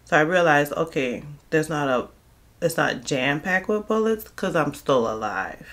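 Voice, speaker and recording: A woman's voice: low voice, lively intonation, measured pace, fairly bright tone. A woman telling a personal storytime vlog story, candid and conversational, acting out the dialogue. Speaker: vlogger.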